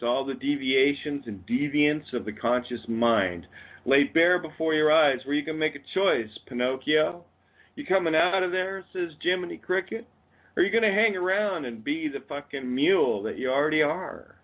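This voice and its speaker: On a call-in radio show, a Canadian-accented guest rants and swears in a rambling way, laughing in bursts. His voice runs on the high side with a breathy edge, and the phone-line audio sounds tinny.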